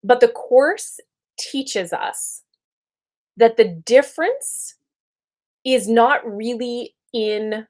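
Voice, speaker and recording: A woman in her thirties giving an earnest, conversational spiritual teaching talk. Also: mid-range voice. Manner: earnest, conversational, checks in with "right?".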